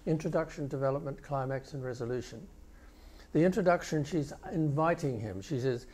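A man's voice: a little high, expressive, normal speed, warm tone, breathy edge. An older man giving a conference keynote lecture, explaining video clips step by step. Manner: explanatory, walks listeners through clips step by step. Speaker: keynote speaker.

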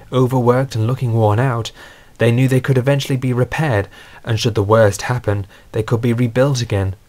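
A man narrating a scripted storybook in a steady, earnest way. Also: mid-range voice.

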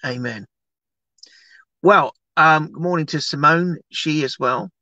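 With a fairly high-pitched voice at a moderate pace, a man teaches and prays as an evangelist on a livestream. He's casual, animated, and chatty, rambling and restarting often. The recording has no room sound but is muffled.

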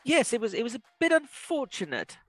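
A man's voice: extremely high pitch, very animated, brisk, no echo, voice pushed up. A man voicing a polite teenage ghost boy with a posh British accent, prim and over-courteous.

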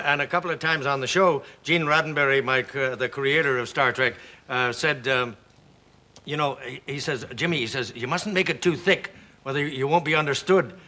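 Older man from Canada with an Aberdeen Scots accent, rambling chat-show guest, sharp bright tone. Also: medium pitch. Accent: Scottish, Aberdeen. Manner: good-humoured, rambling, many hesitant fillers. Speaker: actor, talk show guest. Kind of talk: casual chat show interview. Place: television studio with audience.

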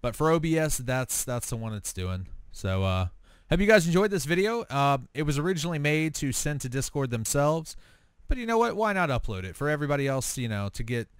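A man casually talking through a software fix on screen, thinking aloud as he tests it. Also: mid-range voice, clear, resonant tone, no room sound. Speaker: streamer. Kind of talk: screen-recorded tech walkthrough.

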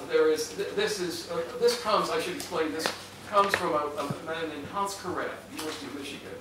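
An older man, a historian, giving a halting public lecture full of fillers and restarts to an audience in a hall. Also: a little high. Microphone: far room microphone. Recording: echoey hall, distant mic, noisy.

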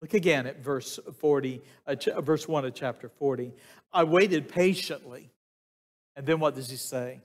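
An older man preaching a sermon, slow and emphatic, putting questions to the congregation. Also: mid-range voice. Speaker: pastor. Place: church sanctuary. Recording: long church reverb, voice sometimes off mic.

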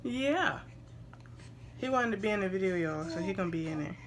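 A woman's voice: on the low side, very fast, crowd noise. A young woman vlogging casually at home, chatting to viewers and breaking off to talk to her baby. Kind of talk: casual chat to camera.

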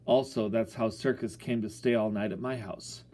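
A man's voice: fairly low pitch, fairly even intonation, moderate pace, dark tone, slight background noise. A man narrating a first-person children's story in a folksy, boyish storytelling manner. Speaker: audiobook narrator.

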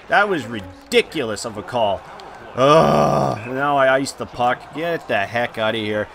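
Excitable man commentating his own gameplay. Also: mid-range voice, measured pace, vocal fry, a little hiss or hum. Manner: excitable, swings from grumbling to shouting. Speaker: gaming YouTuber.

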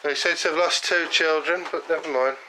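A man's voice: on the high side, steady tone, normal speed, bright, forceful tone. Dry-joking man filming a holiday. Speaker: family member filming a holiday video. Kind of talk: casual home-video narration. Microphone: handheld camera mic. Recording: noisy home-video audio.

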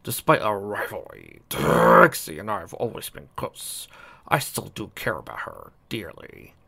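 A man voicing a calm, polished male stallion pony who speaks quietly and graciously. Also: lowish voice, unhurried, gravelly, husky, exaggerated voice. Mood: gentle.

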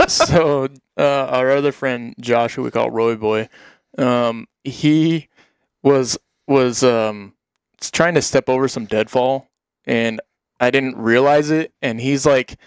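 A man's voice: medium pitch, clear, resonant tone, no room sound, studio quality. A man telling hunting stories in a casual chat, rambling, laughing often and acting out what people said.

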